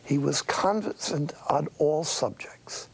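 Raspy, gravelly older man preaching slowly. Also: fairly high pitch. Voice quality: raspy, breathy. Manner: storytelling, wry and earnest, many hushed breathy asides. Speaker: priest. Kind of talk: sermon.

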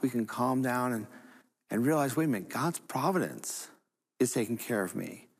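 Male priest, mid-range voice, earnest sermon delivery with emphatic repetition. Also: mid-range voice. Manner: earnest storytelling preacher, repeats phrases for emphasis. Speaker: Catholic priest.

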